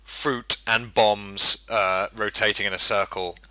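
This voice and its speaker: A man's voice: lowish voice, steady tone, slow, pushed and bright, dry recording. A man hosting a casual podcast chat, teasing and joking, often restarting his sentences. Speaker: podcast host.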